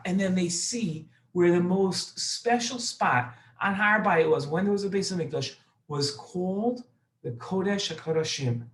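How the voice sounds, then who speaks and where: A man's voice: high voice, echoey room, poor audio. A man, a rabbi, telling a children's story in an explanatory way, talking to the listener directly.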